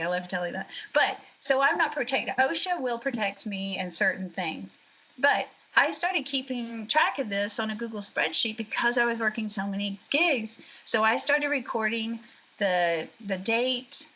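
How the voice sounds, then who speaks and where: Chatty woman guest, lively storyteller, bright forceful voice, dull lo-fi recording. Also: a little high. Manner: chatty, animated storyteller who laughs often. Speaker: guest, background actor. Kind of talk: casual interview chat. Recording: dull lo-fi sound.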